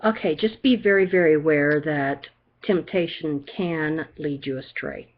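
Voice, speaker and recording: A woman's voice: low-pitched, a little slow. An older woman doing a chatty, reassuring psychic card reading, often checking in with "okay?". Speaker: psychic reader. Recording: dull lo-fi recording.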